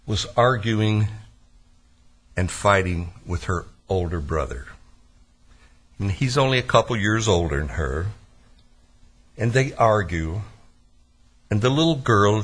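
A man preaching a sermon to his church, telling a story in a lively, deliberate way. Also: lowish voice, husky. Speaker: pastor.

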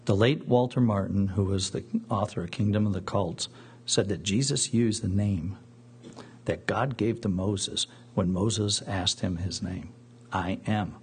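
A man preaching a sermon in an earnest, measured storytelling manner, reading scripture aloud between his own remarks. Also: lowish voice, breathy edge. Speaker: pastor.

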